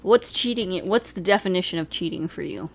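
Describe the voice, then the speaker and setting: A woman's voice: fairly low pitch, lively intonation, fairly quick, a loud crowd. A woman co-hosting a casual podcast with her partner, teasing him and laughing often. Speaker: podcast co-host. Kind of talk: casual couple chat.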